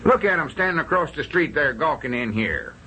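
An actor playing a bossy, folksy older storekeeper in an old-time radio comedy. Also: male voice, a little high, big pitch swings, brisk, sharp tone, slight background noise, exaggerated voice. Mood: exasperated. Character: exasperated older male country storekeeper.

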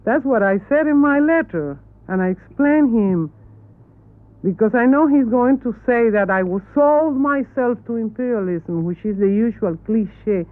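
A woman from Cuba, a native Spanish speaker with a Cuban Spanish accent, answering questions earnestly in halting English and correcting her questioners. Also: fairly high pitch, expressive, dry recording. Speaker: interview guest. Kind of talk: televised panel interview. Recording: tinny archival broadcast audio.

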